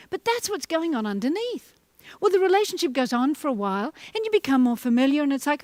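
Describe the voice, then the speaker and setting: A middle-aged woman giving a motivational talk to camera, animated and acting out little voices as she goes. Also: sits high, fast talker, dry recording. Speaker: motivational speaker.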